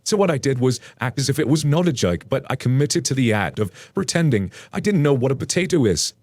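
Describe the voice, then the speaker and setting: A man's voice: mid-range voice, fairly quick, dry recording. Dry-voiced man reading a story aloud. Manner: animated storytelling with playful asides. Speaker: story narrator. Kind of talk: reading a story aloud, then casual commentary.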